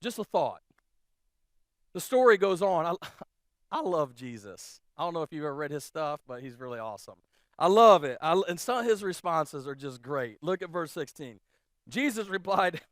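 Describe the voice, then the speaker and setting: Pastor, male, higher than usual pitch, dry close sound; relaxed storytelling sermon full of restarts. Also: moderate pace, no room sound. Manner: casual, animated storytelling with many restarts. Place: church auditorium.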